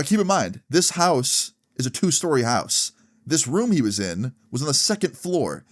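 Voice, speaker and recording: Young guy in his twenties, lively storyteller, pitch jumps around, curses casually. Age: early 20s. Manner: animated, swearing, lots of "like" fillers. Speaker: vlogger. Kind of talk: storytime narration.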